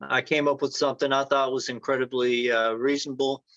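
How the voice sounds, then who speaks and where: Male interview guest, anecdotal storyteller, everyday pitch, dry muffled recording. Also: flat delivery, a little fast, fairly bright tone, no room sound. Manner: rambling anecdotes, acts out quoted dialogue. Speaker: entrepreneur guest. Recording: dry, dull lo-fi sound.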